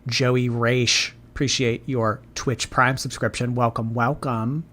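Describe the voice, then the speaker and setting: A man's voice: medium pitch, little pitch movement, slow, a bit bright. A man hosting a livestream, reacting with amusement and thanking viewers for their messages. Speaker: streamer host.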